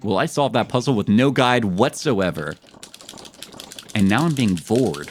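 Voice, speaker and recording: Lively low-voiced male game streamer. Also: unhurried, long pauses, slight background noise. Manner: animated, talks to chat and jokes about his fails. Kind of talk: live gameplay commentary.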